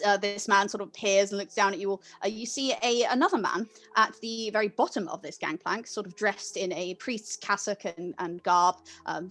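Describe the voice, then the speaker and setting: A woman runs a tabletop roleplaying game, narrating scenes in a relaxed, rambling way. She pads her descriptions with small fillers. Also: medium pitch. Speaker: game master.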